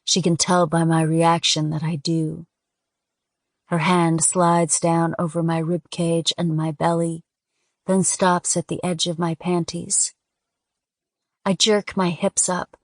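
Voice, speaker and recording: A woman narrates a first-person audiobook in an unhurried, intimate way. Her voice sits somewhat low. The recording is dry and close, with no room echo.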